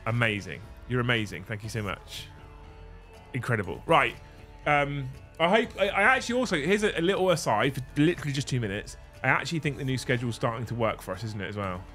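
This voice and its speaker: A man in his thirties hosting a livestream, animated and joking, swearing casually, on a studio mic. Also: mid-range voice, fast, faint music behind. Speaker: livestream host.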